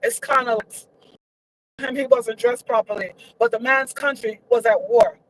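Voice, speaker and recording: A woman's voice: on the high side, moderate pace, slight background noise, rough recording. A woman giving her opinions in a casual vlog, emphatic and repetitive, her voice leaping up when she gets indignant. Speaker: vlogger.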